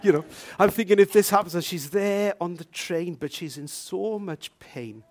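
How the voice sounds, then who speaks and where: A man preaching a sermon, telling a personal story with lively swings from hushed asides to loud, emphatic lines. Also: sits high, normal speed.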